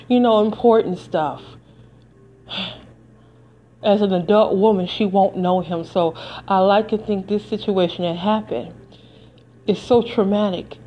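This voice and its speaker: The recording is muffled with slight background noise as this American podcast host, medium-pitched, holds back tears through earnest, preacherly commentary of an emotional, personal kind.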